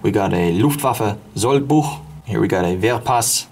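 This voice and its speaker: A man's voice: lowish voice, animated, measured pace, darkish tone, slight background noise. A Dutch man with a Dutch accent, hosting an enthusiastic show-and-tell tour of his collection room at home, pointing out items one by one. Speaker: collector and channel host.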